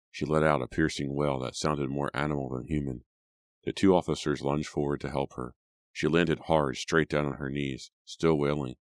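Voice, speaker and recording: Very deep male narrator, measured reading; dry, close sound. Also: steady tone, dry recording. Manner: measured storytelling. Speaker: audiobook narrator. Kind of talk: scripted narration.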